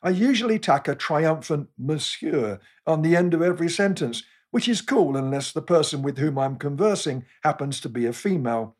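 Wry, husky-voiced English preacher. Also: male voice, fairly high pitch, animated, fairly quick, few pauses, darkish tone. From England. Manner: wry, self-deprecating storytelling. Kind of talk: scripted sermon talk with humorous anecdotes.

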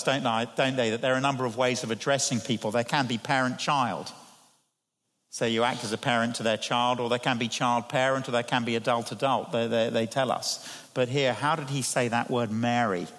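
A man preaching a sermon, his voice rising to emphatic peaks and dropping to hushed tones. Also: mid-range voice. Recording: long hall reverb.

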